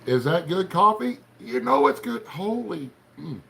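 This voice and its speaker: This Appalachian-accented man, middle-aged and from Appalachian Ohio, hosts a livestream and chats folksily, rambling as he welcomes viewers by name. His voice is a little high and creaky, fairly bright, with a sing-song lilt and a slightly slow delivery.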